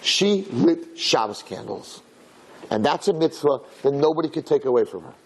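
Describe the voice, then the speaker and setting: A man voicing a small male angel who speaks slowly and deliberately. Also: on the high side, sing-song, darkish tone, husky, full character voice, poor audio. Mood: solemn.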